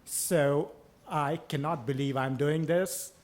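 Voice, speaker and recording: A man's voice: fairly high pitch, takes it slowly, a little mellow. A man telling a true story on stage before a live audience, wry and self-mocking, swearing casually as he talks into a stage microphone. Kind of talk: live first-person storytelling.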